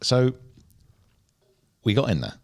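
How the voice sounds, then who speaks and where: A man co-hosting a podcast, chatting casually and rambling with many pauses and laughs. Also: medium pitch, big pitch swings, darkish tone. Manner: rambling, hesitant, laughs often. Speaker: podcast co-host. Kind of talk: casual chat.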